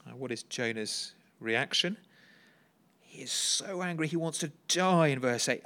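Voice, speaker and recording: A man's voice: on the high side, very animated, normal speed, a bit bright. A man preaching a sermon in a conversational way, often asking the congregation questions. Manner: conversational, asks the listeners questions.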